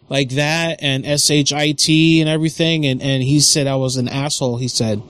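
A man's voice: a little high, steady tone, normal speed, hardly any pauses, a bit bright. Rambling crude-talking man. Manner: rambling, repetitive storytelling with crude language. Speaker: prank call radio show host. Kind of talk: prank phone call.

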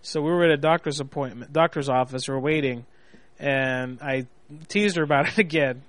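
A man's voice: medium pitch, moderate pace, fairly bright tone, no room sound. A man hosting a radio show, joking around and telling a teasing story. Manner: joking, storytelling, prank calling. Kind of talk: casual radio banter.

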